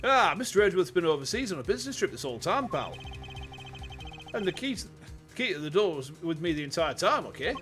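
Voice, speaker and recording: A man doing a gruff, loyal cop from a game, his voice dropped way down and lively, tossing out "pal" at the end of his lines. Faint music plays under him. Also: a little fast, exaggerated voice. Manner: low, gruff, drawls "pal". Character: gruff, loyal male police detective.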